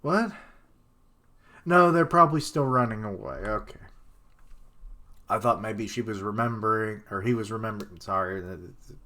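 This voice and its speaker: A man's voice: fairly low pitch, moderate pace, long pauses, bright, forceful tone. A young man streaming a live reaction to a manga chapter, thinking aloud with rambling fillers and sudden outbursts. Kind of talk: live reaction, casual commentary.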